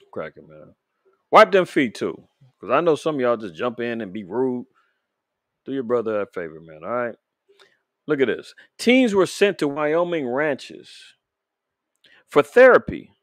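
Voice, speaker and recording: A man hosting a casual religious commentary podcast, talking straight to his audience with preachy, animated rhetorical questions. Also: medium pitch, no room sound, studio quality. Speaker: podcast host.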